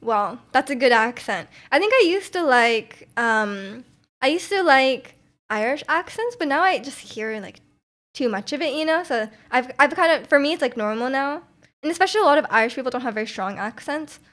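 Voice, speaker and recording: Her voice sits high, animated and fairly bright, at an ordinary speed: a young woman streamer casually chatting with her audience. She reads chat messages aloud, rambles, says "like" often, restarts, and keeps laughing.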